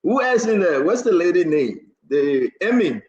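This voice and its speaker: A man hosting a live political talk show, animated, teasing and laughing as he talks. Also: high-pitched, moderate pace, roomy sound, lo-fi sound. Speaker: show host. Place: New Jersey.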